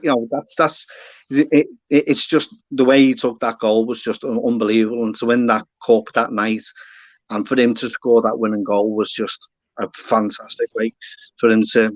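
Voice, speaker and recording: A man speaking as a guest on a football podcast, halting and restarting his words often. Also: mid-range voice, no echo. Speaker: panel guest. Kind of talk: casual football podcast chat. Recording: dull dry mic.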